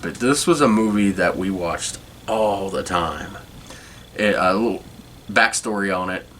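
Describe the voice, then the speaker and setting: A man's voice: low voice, a little slow, a bit bright, a little hiss or hum. A man in his forties hosting a podcast, chatting casually and rambling with frequent chuckles. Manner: rambling, chuckling, self-correcting. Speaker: podcast host. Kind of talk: casual nostalgic chat.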